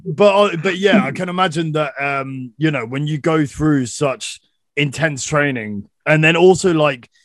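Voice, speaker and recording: A man's voice: on the high side, unhurried, no echo. A young man hosting a podcast, asking rambling, sweary questions and laughing easily. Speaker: podcast host. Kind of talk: casual interview chat.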